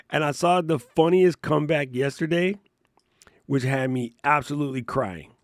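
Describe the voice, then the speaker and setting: Here a middle-aged man's slightly high voice moves a little slowly as he co-hosts a laid-back tech and creator podcast. He laughs while breaking things down step by step, and the sound is clean studio audio with no room sound.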